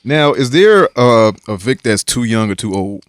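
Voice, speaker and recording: A man's voice: mid-range voice, animated, moderate pace, no echo, clean studio sound. A man hosting a podcast, asking questions in a laid-back, casual way and often murmuring agreement. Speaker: podcast host. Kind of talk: casual interview chat.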